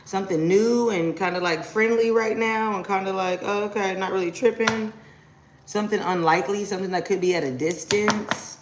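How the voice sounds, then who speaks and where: A young adult woman giving a casual live-stream tarot reading, slangy and quick to exclaim. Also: medium pitch, steady tone, noisy background. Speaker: tarot reader.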